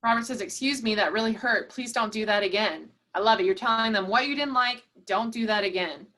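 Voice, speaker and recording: The woman leading this online workshop has a mid-range voice that's fairly quick, bright, and forceful. She upbeatly reads the chat responses aloud, cheers participants on, and says "y'all" frequently.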